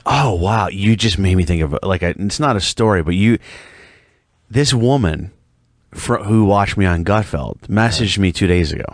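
Rambling, low-voiced guest man. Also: normal speed, no echo, clean studio sound. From Rochester, New York. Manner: rambling, animated storyteller with many restarts. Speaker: comedian guest. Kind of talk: casual podcast chat.

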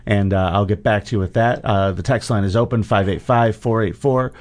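A man hosting a talk radio show, reading promos and trading quick quips. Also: fairly low pitch, fairly even intonation, darkish tone. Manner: quick quips, reads promos in a brisk plain way.

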